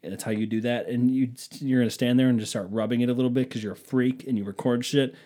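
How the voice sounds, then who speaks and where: A man's voice: medium pitch, steady tone, fast talker, warm tone. A young man hosting a casual comedic rant, sarcastic and profane, slipping into mocking impressions of people.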